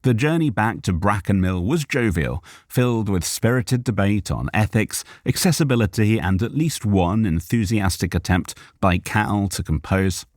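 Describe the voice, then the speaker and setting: A man's voice: fairly low pitch, animated, normal speed, hardly any pauses, no room sound. A man narrating an audiobook live on a studio microphone, reading aloud and stopping to correct himself.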